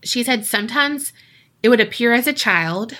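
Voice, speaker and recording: A woman co-hosting a podcast, telling a ghost story in a relaxed, chatty way full of "like". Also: on the high side, moderate pace. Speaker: podcast co-host.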